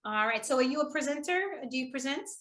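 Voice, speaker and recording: A woman runs a live online speaking workshop in a high, bright voice. She keeps things upbeat and encouraging, laughing easily with her participants. She talks over a computer mic on a video call. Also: expressive, quick pace. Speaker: public speaking trainer hosting a webinar.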